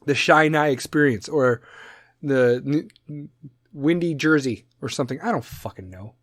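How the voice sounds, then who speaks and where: Podcast host, male, Chicago accent, profane political rant, slightly high voice, dry close sound. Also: unhurried, no echo. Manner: loud, profane, rambling, does mocking voices.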